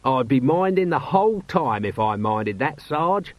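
A man's voice: fairly high pitch, unhurried, no echo, voice pushed up. A man doing a cheerful scruffy corporal. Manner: cheerful, offhand. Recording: dull, slightly lo-fi.

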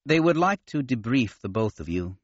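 A man voicing a polite, modest male alien commander with a nasal, gentle manner. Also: medium pitch, big pitch swings, normal speed, dry recording, lo-fi sound. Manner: gentle, courteous.

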